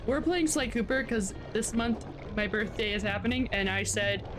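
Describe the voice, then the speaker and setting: A woman's voice: mid-range voice, moderate pace, noisy background. A young woman streaming a video game, chatting casually in a playful, goofy way and swearing freely. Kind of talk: casual live-stream chat. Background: game music.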